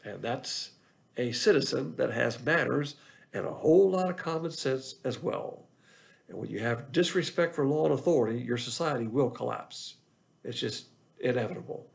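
Preaching a sermon from the pulpit, a man teaches a Bible lesson in a heavily gravelly voice thick with vocal fry. He uses a measured, teaching cadence at a middle pitch, sounds expressive, and circles back over phrases to drive each point home.

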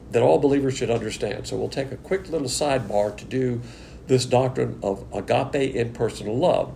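Gravelly folksy Bible teacher. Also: male voice, medium pitch, darkish tone. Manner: folksy, conversational, with slangy asides. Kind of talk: teaching sermon at a board. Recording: echoey room with faint noise.

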